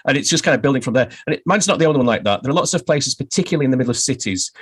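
Halting, wry male interview guest. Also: mid-range voice, animated, husky. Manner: halting, many restarts, wry with frequent laughs. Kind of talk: casual interview chat.

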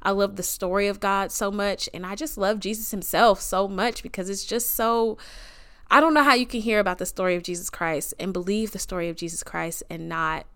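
Woman, 20s, podcast host, casual devotional chat, slangy, emotional, smooth voice. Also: mid-range voice, fairly even intonation, a little fast, fairly bright tone. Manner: chatty, slangy, emotional and reverent.

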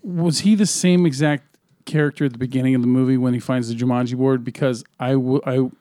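A man's voice: mid-range voice, fairly even intonation, fairly quick, mellow, no room sound. A man co-hosting a podcast in casual chat, playful and jokey with sing-song asides. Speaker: podcast co-host.

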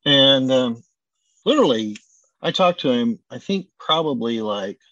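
A man's voice: mid-range voice, measured pace, no echo. Dry, dull-sounding man telling a story. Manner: animated storyteller acting out dialogue. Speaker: chef and restaurant owner, guest. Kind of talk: casual storytelling interview.

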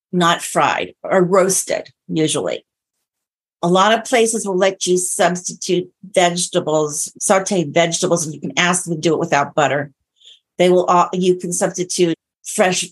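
A middle-aged woman, a nutrition coach, chatting as a guest on a podcast and telling stories with lively quoted dialogue. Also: on the low side, breathy edge. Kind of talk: casual podcast interview.

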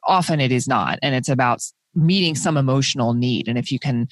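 A man's voice: mid-range voice, fast talker, few pauses, no room sound, studio quality. A man hosting an interview, a coach who speaks thoughtfully and searches for his words. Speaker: podcast host and coach. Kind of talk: conversational interview.

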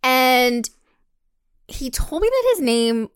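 Young woman, casual storyteller, higher voice, animated, acts out the quotes; dry, close mic. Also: slow pace, smooth, no echo. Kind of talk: casual chat, telling a dating story.

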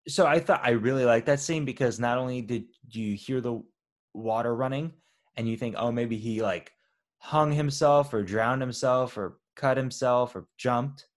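An easygoing man chats about a film with a friend at a middle pitch. He talks loosely and now and then stops to search for the right word. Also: moderate pace. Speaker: podcast co-host. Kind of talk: casual conversation.

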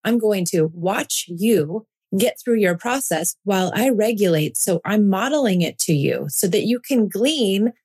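A woman's voice: medium pitch, expressive, a little slow, few pauses, a little mellow, breathy edge. A woman in her forties hosting a parenting podcast, talking listeners through her ideas in an earnest, reassuring monologue.

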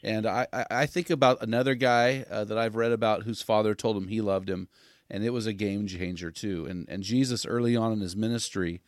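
Guy hosting, kinda low voice, stumbles over his questions, dry close sound. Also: fairly even intonation, brisk, dry recording. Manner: hesitant, repeats words when asking. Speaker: host. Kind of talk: interview questions.

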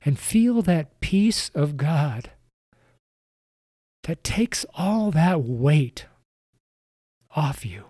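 A man's voice: fairly high pitch, expressive, extremely slow, pauses often, mellow, breathy edge, dry recording, studio quality. A man preaching on a podcast, earnest and repetitive, speaking straight to the listener. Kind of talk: evangelistic podcast sermon.

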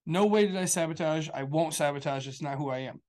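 A man's voice: fairly high pitch, fast, a little mellow. A man talking casually on a show, telling a long story in a rambling, profane way full of fillers. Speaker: show regular. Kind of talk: casual chat.

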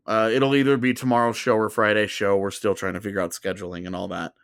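A man co-hosting a hockey podcast in casual chat, rambling and restarting his sentences, with quick laughs. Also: lowish voice, flat delivery, a bit bright, clear, resonant tone, no room sound, clean studio sound. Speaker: podcast co-host, hockey reporter.

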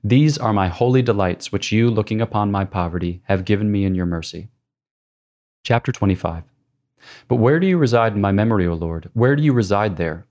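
A man giving a measured, prayerful scripted reading of a devotional classic. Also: lowish voice, darkish tone. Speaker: reader.

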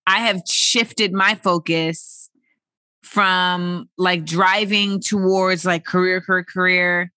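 A woman in her forties talks straight into a close, dry microphone in a loose, rambling podcast monologue. Her voice is bright and forward, full of "like" and "you know." She keeps breaking into loud, excited bursts. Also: medium pitch, no room sound. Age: 40s. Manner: animated and chatty, many filler words, bursts of loud excitement. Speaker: podcast host. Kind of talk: casual solo podcast monologue.

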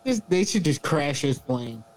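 A man's voice: a little high, sing-song, a little slow. Blunt, profane male co-host. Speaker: podcast co-host. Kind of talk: casual podcast chat.

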